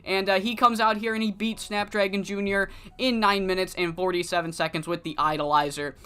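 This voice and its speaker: A woman's voice: mid-range voice, fairly even intonation, a little fast, a bit bright, smooth. A woman streamer casually narrating a wrestling management game. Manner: casual, swearing, chatty.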